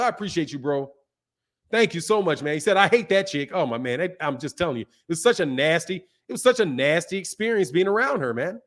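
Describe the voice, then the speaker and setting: A man's voice: sits high, a bit bright. A man hosting a boxing channel, chatting loosely and telling stories, with lots of "man" and "bro". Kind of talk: casual live-stream chat.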